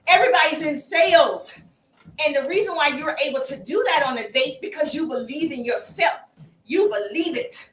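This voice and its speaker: A woman giving a live-streamed sales training, energetic and emphatic, speaking straight to her audience. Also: high voice, reverberant, distant mic, slight background noise. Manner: energetic, emphatic and preachy, addresses the audience directly.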